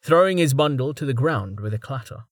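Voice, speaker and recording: A man narrating a fantasy audiobook in an even, measured way, close to the mic. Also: mid-range voice, no room sound.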